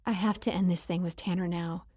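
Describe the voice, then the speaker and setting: A woman narrating a first-person romance audiobook in an emotional, expressive reading. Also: lowish voice, brisk, dry recording, studio quality.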